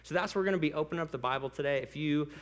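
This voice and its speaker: A man's voice: a little high, rapid-fire. A man preaching a sermon in a church, conversational and playful, with asides to the congregation. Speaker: pastor.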